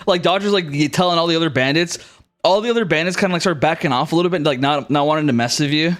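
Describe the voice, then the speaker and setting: A man with a somewhat high voice runs a tabletop game, narrating casually with slang and quick restarts. He stumbles over words as he goes. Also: a bit bright. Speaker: game master.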